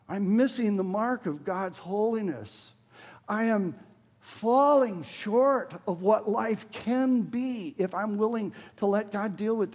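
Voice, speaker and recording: Pastor, man in his 60s, high-pitched, earnest sermon delivery with big swings in intensity. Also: darkish tone. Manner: earnest preaching, voice rising and falling sharply when quoting scripture.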